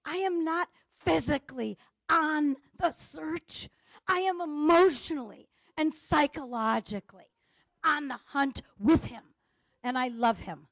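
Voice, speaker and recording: High-voiced woman giving a lively lecture. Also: unhurried, no echo, clean studio sound. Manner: acts out dialogue, playful comic timing. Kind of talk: conference talk. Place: conference stage.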